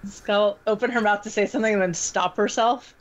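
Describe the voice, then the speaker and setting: A woman at a tabletop game describes what her character does, hesitating and filling with likes. Her pitch sits mid-range, and the sound is muffled and lo-fi. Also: steady tone, brisk. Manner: hesitant, filler-heavy describing. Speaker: player. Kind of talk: tabletop role-play narration. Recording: muffled lo-fi recording.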